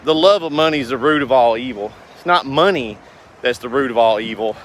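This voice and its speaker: A business owner vlogger talks to camera at a brisk clip, his medium-pitched voice fairly bright, with slight background noise. His casual address to viewers is rambling, earnest and folksy.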